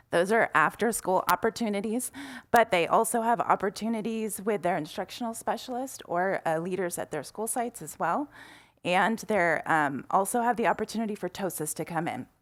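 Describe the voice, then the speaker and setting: A woman administrator explaining policy updates at a school board meeting, steady and full of fillers. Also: medium pitch, normal speed. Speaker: district administrator presenting policy. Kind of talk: public meeting presentation.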